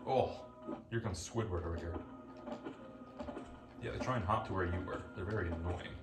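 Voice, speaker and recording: A man's voice: low-pitched, moderate pace. A man commenting on his gameplay, exasperated and swearing at enemies, mocking himself as he goes. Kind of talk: let's play commentary. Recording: echoey room, distant mic, loud game music. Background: game music.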